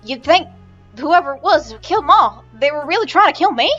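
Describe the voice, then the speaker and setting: A woman's voice: sits high, lively intonation, a little fast, a bit bright, faint music behind, voice pushed up. A woman voicing a flustered young woman artisan in a noticeably raised, breathless voice, on a slightly dull mic. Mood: anxious.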